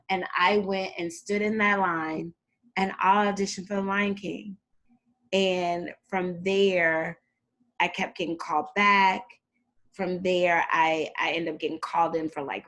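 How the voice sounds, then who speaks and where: A middle-aged woman telling her story as a guest in a casual interview, lively and acting out the people she quotes. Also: measured pace. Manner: animated, acts out quotes with big jumps in pitch. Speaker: guest, performer and fitness trainer.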